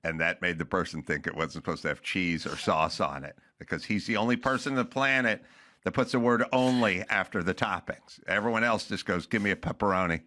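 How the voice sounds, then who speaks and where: A man in his sixties hosting a podcast, complaining in an exasperated, animated comic rant with mock outrage. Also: sits low, brisk. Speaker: podcast host. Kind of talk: comedic ranting chat.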